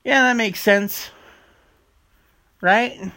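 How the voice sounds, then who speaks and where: A man's voice: high voice, very slow, bright, forceful tone. A man hosting his own podcast in a casual, rambling monologue, swearing freely as he talks. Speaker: podcast host.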